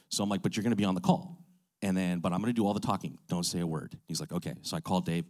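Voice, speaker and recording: A man's voice: low-pitched, fairly even intonation, rapid-fire, darkish tone. A man who runs a real estate business, telling a story in a chatty way, full of fillers and asides. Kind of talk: casual storytelling.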